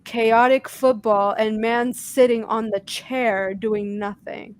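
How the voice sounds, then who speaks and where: A woman's voice: a little high, steady tone, slow, clear, resonant tone, no echo. A woman co-hosting a casual football podcast, speaking in a direct, frustrated way. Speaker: podcast co-host.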